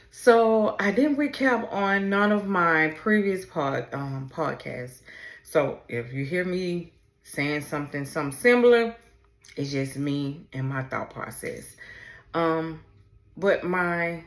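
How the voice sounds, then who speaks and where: A woman in her forties hosting a personal podcast, talking in a halting, emotional way as she fights back tears. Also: sits low. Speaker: podcast host. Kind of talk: personal podcast talk on camera. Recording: roomy echo.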